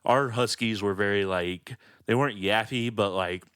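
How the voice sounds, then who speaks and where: A man in his thirties co-hosting a podcast, telling stories in a relaxed way with lots of fillers. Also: on the low side, moderate pace, smooth, no room sound, studio quality. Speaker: podcast co-host. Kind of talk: casual chat.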